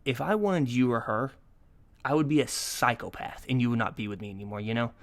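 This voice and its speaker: On his casual solo podcast, a young man in his 20s speaks in a mid-range voice at a fairly quick clip. He rambles, cusses freely, spins jokey stories and occasionally jumps into abrupt bursts of energy.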